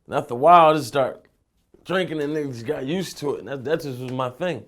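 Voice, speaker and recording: A man's voice: medium pitch, fast. A young man from Philadelphia, a rapper being interviewed, telling loose streetwise stories full of profanity and "you know what I'm saying.". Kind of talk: casual interview storytelling.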